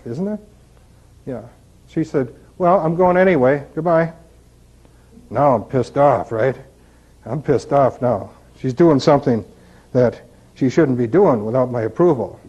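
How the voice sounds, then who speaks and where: A man's voice: fairly high pitch, darkish tone. A man giving an informal recovery talk, telling candid stories and tossing out rhetorical questions. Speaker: recovery speaker. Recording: dull lo-fi recording.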